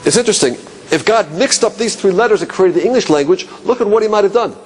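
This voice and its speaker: A man teaching a class, asking rhetorical questions and musing aloud, dropping low and quiet on key points. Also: lively intonation, fast, a little hiss or hum. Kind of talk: classroom lecture.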